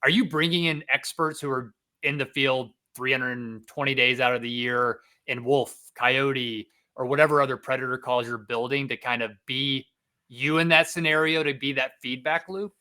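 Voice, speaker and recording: A man's voice: medium pitch, fairly even intonation, normal speed, pushed and bright. A man hosting a podcast, asking his guest long, winding questions in a casual way. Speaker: podcast host. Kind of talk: casual interview chat.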